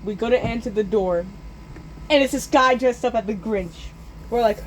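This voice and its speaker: Animated teenage boy telling a story. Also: extremely high pitch, normal speed, slight background noise, rough recording. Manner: animated, jumps into yelled character voices. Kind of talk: casual storytelling video.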